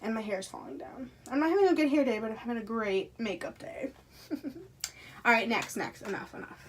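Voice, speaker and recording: A fairly high-pitched woman chatting casually as she unboxes items at home. She gushes with excitement and keeps slipping into soft, breathy whispers. A faint hiss sits under the recording. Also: a little fast. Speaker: unboxing vlogger. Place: carpeted room at home.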